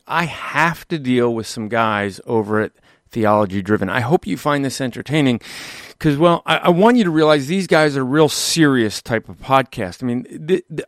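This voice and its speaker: A man's voice: mid-range voice, expressive, fairly quick, dry recording, studio quality. A man hosting a podcast, teasing and challenging other hosts in playful banter. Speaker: podcast host. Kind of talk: casual podcast talk.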